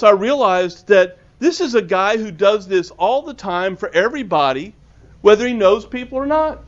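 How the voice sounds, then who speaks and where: A man's voice: high-pitched, expressive, moderate pace. A man, an author, giving a storytelling talk to a club, earnest and acting out the dialogue. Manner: earnest, acts out quoted dialogue. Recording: dull lo-fi recording.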